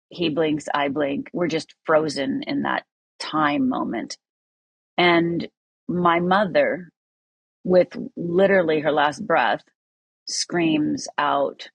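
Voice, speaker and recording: A middle-aged woman from Upper Michigan with a low, husky voice, speaking earnestly and candidly as a podcast guest. She tells her story plainly with many fillers, recorded close and dry. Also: slow pace, no echo. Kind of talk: personal storytelling.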